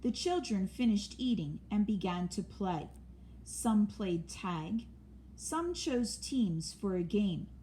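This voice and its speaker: A woman narrating a children's picture book in a gentle, expressive read-aloud. She reads slowly, and her pitch moves a great deal. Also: a little hiss or hum. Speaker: storyteller.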